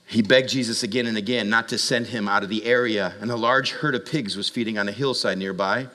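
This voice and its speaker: A man preaching a sermon to young adults, telling the story in an animated way with comic asides and urgent direct appeals to his listeners. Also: quick pace, hardly any pauses. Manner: acts out voices with sudden high jumps.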